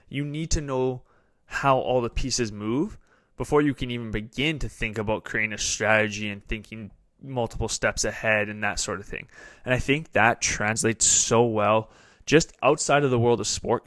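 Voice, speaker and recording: A man's voice: mid-range voice, fairly bright tone, no room sound, studio quality. A young man hosting a solo podcast, talking casually and rambling with lots of fillers. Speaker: podcast host.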